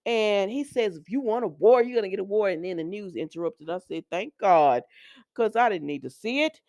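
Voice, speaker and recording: A woman's voice: medium pitch, lively intonation, brisk, darkish tone, dry recording, clean studio sound. A woman recapping a soap opera episode in a casual, opinionated and colloquial way, laughing often.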